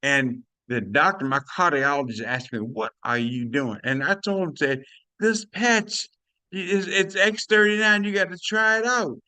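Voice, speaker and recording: Older man, animated testimonial, bright tone, dry close sound. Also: fairly high pitch, normal speed, clean tone, no room sound. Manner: animated, preachy, addresses listeners as y'all. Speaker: testimonial speaker. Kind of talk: excited personal testimony on a video call.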